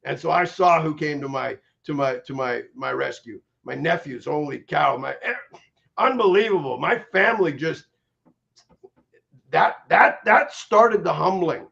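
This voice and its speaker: A middle-aged man telling his story as a stroke survivor in an energetic, candid interview, often repeating words as he starts sentences. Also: on the high side, a little slow, vocal fry. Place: in Los Angeles area. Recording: muffled lo-fi audio.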